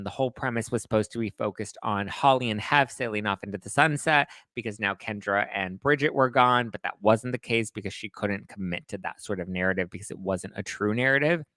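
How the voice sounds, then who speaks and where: A man hosts a chatty book recap, gossipy and dramatic as he tells the story. His voice is bright and forward, and the recording is close and dry with no room sound. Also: lowish voice, dry recording. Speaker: host. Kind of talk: casual book recap chat.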